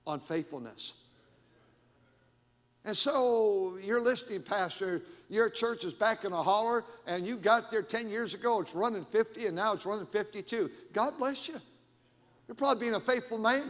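Animated high-voiced preacher in a reverberant hall. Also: male voice. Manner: animated, emphatic preaching with repetitions. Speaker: pastor. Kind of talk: sermon. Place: church sanctuary.

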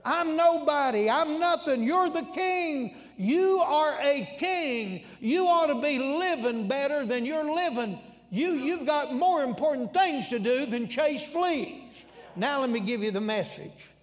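A man with a very high voice preaches a sermon, retelling stories in a folksy, animated manner that jumps into loud shouts. His voice rings with a long reverb, as in a large church hall.

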